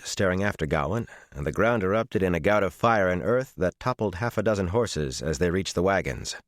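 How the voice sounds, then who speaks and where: A man narrating a fantasy audiobook in a measured, dramatic storytelling manner. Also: low-pitched, dry recording, clean studio sound.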